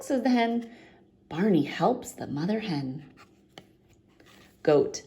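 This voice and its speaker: A woman reading a picture book aloud to young children in an expressive, clear way. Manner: expressive, with big pitch swings and a slow, clear pace. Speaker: children's story reader.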